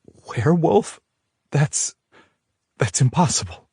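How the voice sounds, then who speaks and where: Audiobook heroine: young woman, high-strung and pleading, read by a man. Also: lively intonation, measured pace, no room sound, clean studio sound, close to an everyday voice. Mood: disbelieving.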